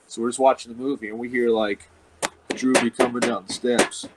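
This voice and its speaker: A man's voice: mid-range voice, flat delivery, fairly quick, very noisy. Profane, laughing man telling stories. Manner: profane and laughing, rambling anecdotes. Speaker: professional wrestler guest. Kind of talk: casual storytelling.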